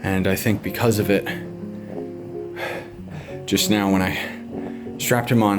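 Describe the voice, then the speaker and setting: A man's voice: low voice, little pitch movement, a little slow, long pauses, music in the background. A young man, a new father, talking frankly on a casual home vlog, stressed and swearing freely. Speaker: vlogger, father of a baby.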